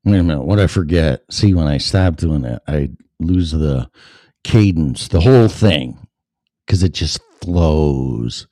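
A man with a very low voice hosts his own live show in a rambling, profane way, often talking to himself. He speaks slowly and unhurriedly. His voice is heard dry and close to the mic. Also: animated, warm tone, no room sound. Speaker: show host. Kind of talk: casual live show monologue. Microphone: headphones and mic, checked aloud.

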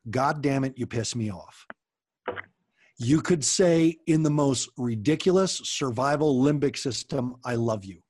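A man's voice: medium pitch, breathy edge. A man coaching parents over a call, talking frankly and passionately and swearing casually.

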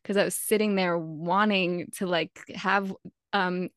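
A woman's voice: fairly low pitch, fairly even intonation, clear, resonant tone, no echo. Affirming woman host, dry close sound. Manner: warm, affirming, quick with back-channel replies. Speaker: podcast host. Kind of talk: casual conversational interview.

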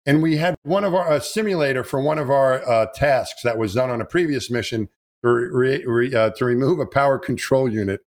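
A man telling a story in casual chat, animated and laughing as he talks. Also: mid-range voice, a little fast. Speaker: astronaut guest telling stories.

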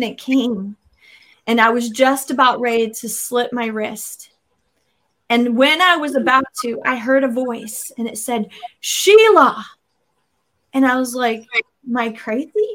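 A woman with a fairly high pitch and fairly bright tone is the interview guest here, sharing a personal faith testimony. Earnest and vivid, she acts out her own past words as she speaks.

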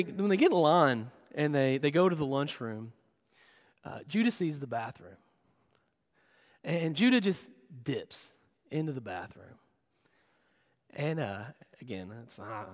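Pastor, man, 30s; high voice, chatty self-deprecating storyteller; reverberant sanctuary. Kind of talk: sermon. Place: church sanctuary. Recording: long church hall reverb.

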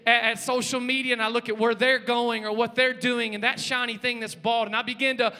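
High-voiced bright pastor preaching. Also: male voice, brisk, smooth. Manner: lively, joking, calls out to the congregation. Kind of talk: sermon. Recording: long hall reverb.

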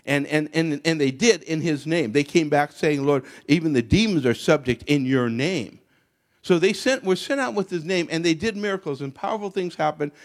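Brief: man, fairly high voice, preaching, halting with restarts, rises when quoting scripture. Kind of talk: sermon.

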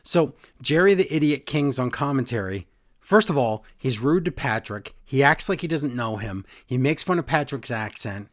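A man talks through a recap in casual chat, his pitch swinging widely as he tells the story. He slips into quick impressions of the people he quotes, then drops back into his own voice. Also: animated. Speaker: podcast co-host recapping wrestling.

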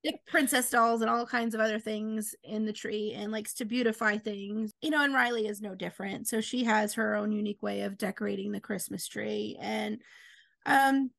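A woman author telling stories in a casual chat, animated and acting out quoted lines. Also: moderate pace, gravelly, no room sound. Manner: animated, acts out quotes with big pitch jumps. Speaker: author guest.

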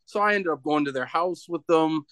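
A man's voice: fairly high pitch, normal speed, a bit bright, dry recording. A man from Canada, a wrestler being interviewed, telling a story in a rambling, casual way with many restarts. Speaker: professional wrestler, guest.

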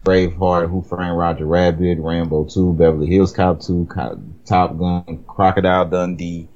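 A man's voice: low-pitched, flat delivery, normal speed, darkish tone, dull audio. A man co-hosting a podcast, talking casually in a laid-back, slangy way. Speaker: podcast co-host. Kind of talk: casual chat.

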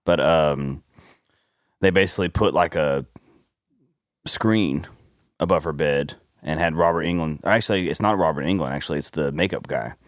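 A man on a casual movie podcast, sharing behind-the-scenes trivia with halting restarts. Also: a bass voice, dry recording, clean studio sound. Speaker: podcast co-host. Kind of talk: casual chat.

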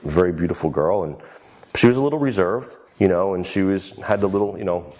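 A man speaking haltingly and earnestly in an emotional TV interview clip. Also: sits low, darkish tone. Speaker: father interviewed on a talk show clip.

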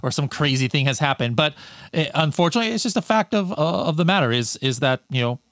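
A man's voice: fairly high pitch, expressive, fast talker, a bit bright, no echo. A man hosting an interview, talking casually and rambling with lots of fillers and restarts. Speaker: podcast host.

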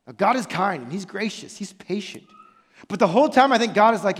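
Pastor, man, high-pitched voice; emphatic sermon delivery with rhetorical questions, long church-hall reverb. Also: animated, a little fast, husky. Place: church sanctuary.

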